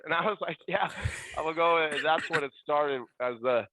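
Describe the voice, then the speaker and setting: A man's voice: fairly high pitch, fairly even intonation, moderate pace, pushed and bright, dry recording. A middle-aged man telling stories as a podcast guest, acting out other people's lines in raised voices. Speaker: podcast guest, former ballboy. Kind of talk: animated storytelling. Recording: tinny phone-like line.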